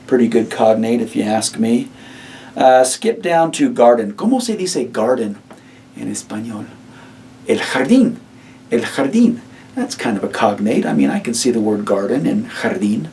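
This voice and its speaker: Male teacher at mid pitch, patient and repetitive, recorded a little off-mic. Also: creaky, dark tone, distant mic, slight background noise. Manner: patient, explains slowly and repeats words for students. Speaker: Spanish teacher. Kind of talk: recorded classroom lecture.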